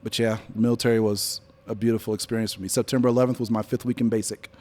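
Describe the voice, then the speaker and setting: Speaking rapid-fire in a lowish voice, a business leader in his forties tells stories during an on-stage interview before an audience at an event venue. His manner is relaxed and conversational, though he livens up when quoting people.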